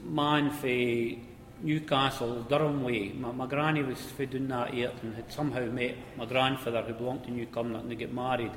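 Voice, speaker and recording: A man with a Scottish accent telling an old mining anecdote in a relaxed, conversational way. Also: medium pitch, moderate pace, a little hiss or hum. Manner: conversational, relaxed, repeats words as he goes. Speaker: storyteller. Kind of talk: spoken anecdote of mining days. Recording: echoey hall with faint ambience.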